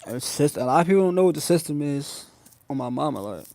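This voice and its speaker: A man's voice: a little high, lively intonation, quick pace, gravelly, warm tone, dry recording. A young man hosting a casual phone livestream, talking loosely in slang and addressing his viewers again and again. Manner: loose slangy talk, addresses chat often. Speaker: livestream host.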